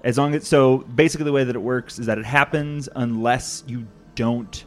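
A man's voice: medium pitch, fairly even intonation, fairly quick, faint music behind. A man narrating as game master of a tabletop role-playing game, joking and laughing often.

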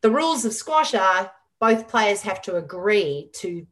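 A middle-aged woman, a guest on an interview show, telling a lively story full of quoted dialogue. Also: mid-range voice, a little slow. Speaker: guest, former squash champion.

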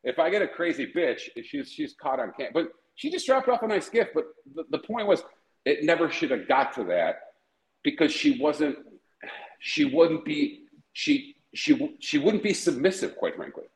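Rambly swearing podcast guy, laughs a lot, kinda high voice, roomy echo. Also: very animated, normal speed. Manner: profane, rambling, laughs often. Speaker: podcast host. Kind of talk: casual chat.

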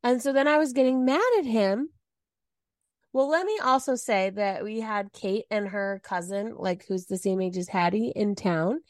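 During casual podcast chat, a woman co-host tells a lively story and acts out the quotes, her voice swinging broadly. She speaks at normal speed in a mid-range voice, captured dry and clean in a studio.

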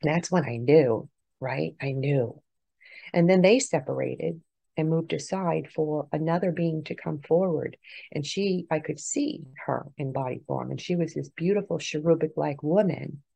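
Low, gravelly-voiced woman telling a story. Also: a little slow, dull audio. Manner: earnest, swinging between hushed and excited. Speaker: guest, author and paranormal investigator. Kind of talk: emotional personal storytelling in a podcast interview.

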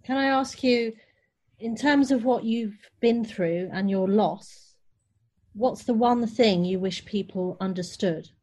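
A woman interviewer asking questions in a gentle, measured way. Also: mid-range voice.

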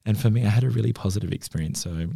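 Guest: young man, low gravelly voice, open and heartfelt, dry close sound. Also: rapid-fire, warm tone, no room sound. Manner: open, emotional storytelling. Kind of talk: casual conversation.

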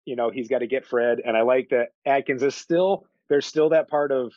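A man's voice: mid-range voice, moderate pace, a little mellow, dry recording. Laughing, enthusiastic man on a dull mic. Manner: enthusiastic, laughing often, acting out movie lines. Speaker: podcast co-host discussing a film. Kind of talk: casual film discussion.

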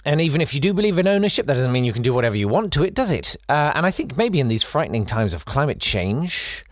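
A man's voice: fairly high pitch, very animated, fast talker, no room sound, studio quality. A man hosting a comedy show, delivering a rambling, sarcastic satirical monologue. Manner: wry, rambling, sarcastic asides. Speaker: comedy podcast host.

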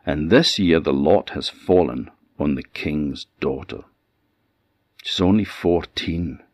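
A storyteller with a Scottish Orkney accent voicing a surly, unfriendly coach driver who speaks curtly and dismissively. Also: male voice, rumbling low, slow, a little mellow, no echo, heavily acted. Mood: grim. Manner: curt, dismissive.

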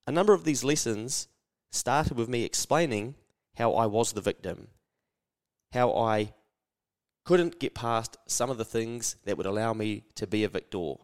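A man hosting a motivational solo podcast, energetic and blunt, swearing freely and mimicking naysayers in a higher voice. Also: unhurried. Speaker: podcast host.

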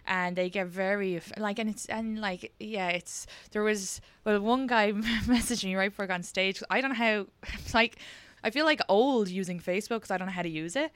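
A woman with an Irish Kildare accent hosting a podcast, telling quick anecdotes, swearing freely and laughing often. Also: mid-range voice, a bit bright, clear, resonant tone, no echo. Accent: Irish, Kildare-Midlands. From Ireland. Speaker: podcast host and comedian. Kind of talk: casual chat.

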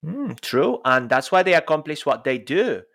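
A man co-hosting a casual podcast, enthusiastic and playful, with a fairly high voice. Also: sing-song, moderate pace, creaky, fairly bright tone. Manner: enthusiastic, playful, bursts into song. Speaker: podcast co-host.

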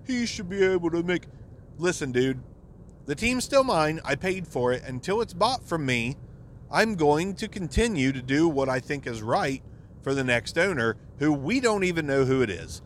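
A man's voice: fairly high pitch, big pitch swings, normal speed, slight background noise. A man hosting a podcast, delivering a casual, exasperated monologue full of profanity. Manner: profane, exasperated rant with frequent swearing. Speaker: podcast host.

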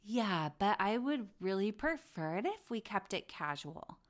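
A woman's voice: medium pitch, very animated, a little slow. A woman voicing a breezy, airy young woman who keeps things casual.

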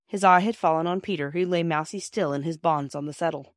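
Brief: woman audiobook narrator, measured storytelling, dry close sound. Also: low voice, no echo. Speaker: audiobook reader.

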